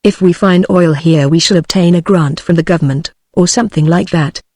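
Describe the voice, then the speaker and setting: A woman's voice: on the low side, fairly quick, a little mellow, no echo, clean studio sound, close to an everyday voice. Synthetic woman voice reading a chatty fat oil prospector. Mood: explaining. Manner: synthetic evenly read speech. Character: fat middle-aged male oil prospector, talkative.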